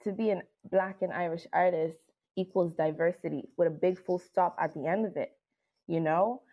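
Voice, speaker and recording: A woman's voice: fairly low pitch, moderate pace, muffled recording. A woman musician speaking emphatically and forthrightly as a guest in a podcast discussion.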